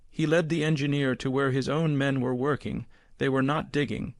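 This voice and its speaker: A man's voice: medium pitch, steady tone, no echo, studio quality. Grave male audiobook narrator. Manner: measured, grave storytelling. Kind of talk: scripted narration.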